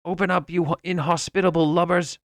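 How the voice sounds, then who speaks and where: A hot-headed, burly harpooner bursts out in blustering anger, as a man voices him in a storybook reading. His voice has a rougher timbre than plain narration, yet stays clean and crisp. The sound is close and dry. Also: medium pitch, steady tone, moderate pace, fairly bright tone, dry recording, close to an everyday voice. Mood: furious. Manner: blustering, angry outbursts.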